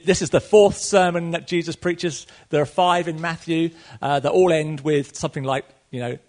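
A middle-aged man preaching a sermon, telling the story in a lively way with asides to the congregation. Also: on the high side.

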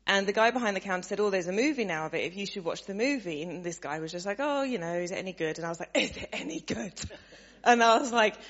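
A woman sharing a story with a church gathering, animated and laughing, acting out the voices of the people in it. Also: lowish voice, quick pace. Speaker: church member sharing a testimony. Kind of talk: casual storytelling to a congregation. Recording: dull sound, long hall reverb.

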